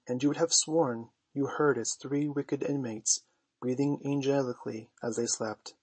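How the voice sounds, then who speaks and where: Husky male audiobook narrator. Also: medium pitch, no echo. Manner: measured, gently expressive storytelling. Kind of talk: audiobook narration of a classic children's novel.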